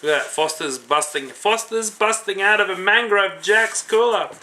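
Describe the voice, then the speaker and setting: Aussie bloke a bit pinned, ranting and swearing to his viewers, bright punchy voice. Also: high-pitched, moderate pace. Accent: Australian. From Australia. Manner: swearing, slangy, rambling. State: tipsy. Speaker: homebrewing vlogger. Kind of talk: casual rant to camera.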